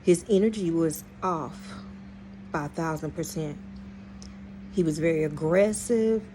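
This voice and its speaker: A woman's voice: deep voice, measured pace, a little hiss or hum. A woman hosting a storytime vlog, telling viewers a story in a blunt, profane way and often speaking straight to them. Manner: animated, exclaims in outrage. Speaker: channel host.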